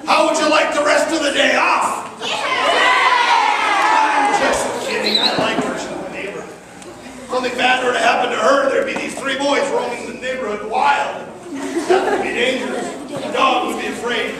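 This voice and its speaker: A man's voice: very high voice, lively intonation, normal speed, a loud crowd, heavy background noise. A man performing live for schoolchildren, joking with the audience and reading a rhyming story in a playful way. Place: large hall or school auditorium. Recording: echoey hall from far off with audience.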